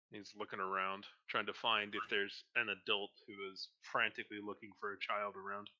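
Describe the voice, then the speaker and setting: A man narrating as dungeon master, relaxed and hesitant, with many fillers. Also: lowish voice, normal speed, a little hiss or hum. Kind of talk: narrating a tabletop game. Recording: dull lo-fi mic.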